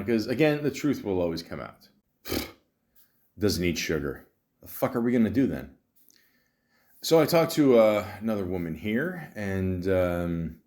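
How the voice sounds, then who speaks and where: A man in his forties hosting a podcast, telling a rambling, wry story in a casual monologue full of fillers and restarts. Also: fairly low pitch. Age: 40s. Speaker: podcast host.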